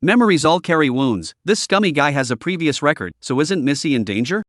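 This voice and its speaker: A man narrating a manhwa recap story in a flat, stilted reading of a rough translation. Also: fairly high pitch, brisk, no echo, clean studio sound.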